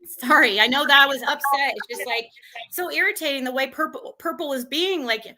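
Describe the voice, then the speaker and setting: A woman's voice: sits high, a little fast, bright, forceful tone, poor audio. A woman with a cold hosting a casual livestream chat, rambling and exasperated, full of fillers and restarts. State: has a cold. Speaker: livestream host.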